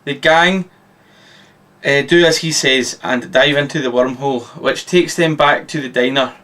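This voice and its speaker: A man from Scotland reading his own short story aloud in a deadpan, matter-of-fact way. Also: medium pitch, moderate pace.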